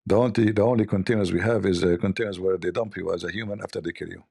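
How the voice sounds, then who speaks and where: A man's voice: low-pitched, steady tone, very fast, gravelly, dark tone, slightly rough. A man from the Middle East with an Arabic accent, hosting a casual livestream chat and telling rambling, joking stories full of "you know". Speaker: livestream host.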